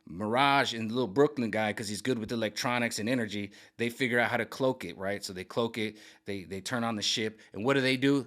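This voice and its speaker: A man casually pitching his own version of a film's story. He rambles, searches for words with many fillers, and keeps checking in with "right?" and "okay?". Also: bright, forceful tone. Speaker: fan video creator. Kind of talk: casual pitch of a film rewrite.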